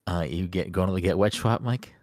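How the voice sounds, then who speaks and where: A young adult man runs the intro of his gaming podcast, joking loosely and swearing freely as the casual chat gets going. His voice is low and fairly quick.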